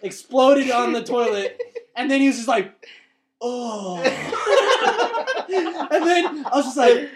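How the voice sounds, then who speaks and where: A man's voice: extremely high pitch, lively intonation, takes it slowly, very noisy. A young man co-hosting a podcast, telling a story in a rambling, laughing way full of filler words. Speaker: podcast co-host. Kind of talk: casual podcast chat.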